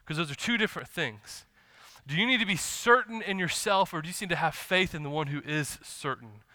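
Bright, crisp-voiced male pastor preaching. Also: fairly high pitch, brisk, no room sound. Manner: conversational and animated, quoting scripture and acting out dialogue. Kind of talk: sermon. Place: church.

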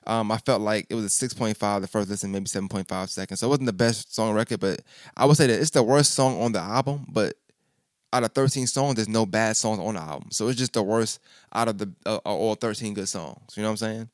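A man with a lowish voice talks through an album review in loose, casual slang, stuttering and circling back on his words. The sound is dry and close, with no room around it. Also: a little fast, no echo. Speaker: podcast host reviewing an album. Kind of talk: casual music review chat.

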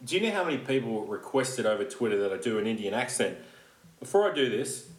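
A man co-hosting a radio comedy show, bantering in an animated way, laughing and quick to argue. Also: mid-range voice. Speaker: radio co-host. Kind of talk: casual banter. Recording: echoey room.

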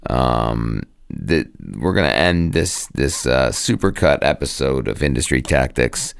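Very deep-voiced male narrator. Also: animated, unhurried, vocal fry, clear, resonant tone, dry recording. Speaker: podcast host. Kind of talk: scripted outro narration. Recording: dry, close studio sound.

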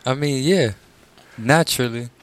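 Chill low voiced guy, smooth and dry sounding, talking it through on a podcast. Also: unhurried, dry recording. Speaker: podcast co-host. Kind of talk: casual chat.

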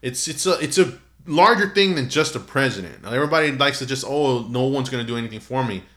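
A man's voice: medium pitch, animated, fast, fairly bright tone. A sleepy man co-hosting a podcast, talking loosely and profanely with lots of fillers. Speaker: podcast co-host. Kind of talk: casual podcast chat.

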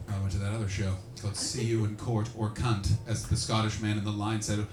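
A young man doing stand-up as a comedian and podcast host, brash and profane, working the crowd with sudden shouted bursts. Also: on the low side, level tone, brisk. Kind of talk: live stand-up crowd work. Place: live comedy venue with an audience. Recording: roomy, distant live recording with noise.

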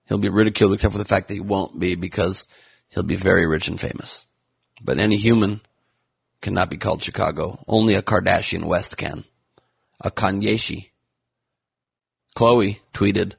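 A fairly low-voiced man hosts a comedy news podcast with a husky, gravelly tone. He rambles sarcastically through the stories and slips into jokey wordplay. The sound is dry and close. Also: fairly even intonation, normal speed, pauses often, dry recording.

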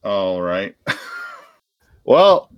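A man's voice: deep voice, very animated, very slow, smooth, dry recording, dull audio. A man acting as game master, narrating a tabletop game in a laid-back way and chuckling often.

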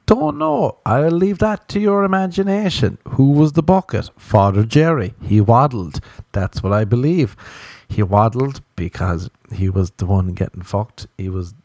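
A man's voice: lowish voice, normal speed, a little mellow, no echo. A young Irish man hosting a podcast, telling crude, jokey, rambling comic stories. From Ireland. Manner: crude, jokey, tangential storytelling. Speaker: podcast host. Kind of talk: rambling comedic monologue.

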